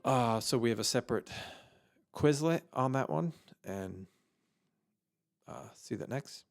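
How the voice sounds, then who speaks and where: Slow, halting man teaching vocabulary. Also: medium pitch, expressive, vocal fry. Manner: slow and halting, thinking aloud with many fillers. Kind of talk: unscripted vocabulary lesson.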